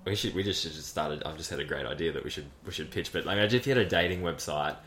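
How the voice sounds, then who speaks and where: Low-voiced rambling podcast host. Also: male voice, very fast, a bit bright, roomy sound, a little hiss or hum. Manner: rambling, heavy use of "like", laughs often. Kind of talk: casual chat.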